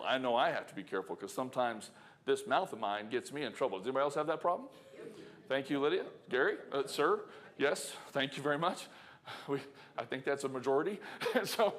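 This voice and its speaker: A man's voice: mid-range voice, a bit bright. A man preaching in a church, telling a work story in a casual, chuckling way and talking straight to the congregation. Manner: conversational, chuckling, talks to the congregation. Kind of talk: storytelling sermon. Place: church sanctuary.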